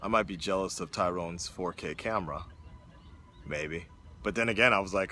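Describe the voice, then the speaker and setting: A man's voice: low-pitched, normal speed, sharp tone, a little hiss or hum. A young man in a hotel room talking in a rambling, profane, meandering casual monologue to his viewers. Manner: profane, meandering, frequent restarts. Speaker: streamer vlogger.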